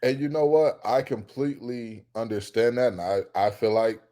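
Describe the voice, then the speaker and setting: A man talking sports on a podcast with a mid-range voice that often jumps up high as he gets heated. He hammers home his points and repeats lines for emphasis. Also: normal speed, dark tone. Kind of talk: casual sports talk.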